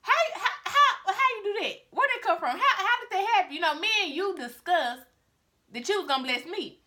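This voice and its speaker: An indignant grown son, exclaiming high and flustered as he protests, voiced by a woman retelling a story. The sound is bright and ringing. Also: expressive, moderate pace, exaggerated voice. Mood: outraged. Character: adult male hunter son, upset and indignant.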